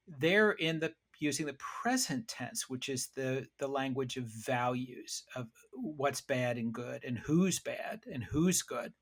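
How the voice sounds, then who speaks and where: A middle-aged man, an author on a podcast, explaining ideas and telling stories in a lively way with frequent restarts. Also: medium pitch, vocal fry. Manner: animated storyteller with frequent restarts. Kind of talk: conversational interview storytelling.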